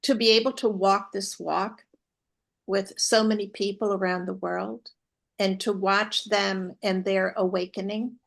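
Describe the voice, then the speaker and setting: A woman's voice: medium pitch, steady tone, a little slow, creaky. A woman co-hosting a live spiritual talk show, teaching in an earnest way with emphatic repetition. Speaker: co-host.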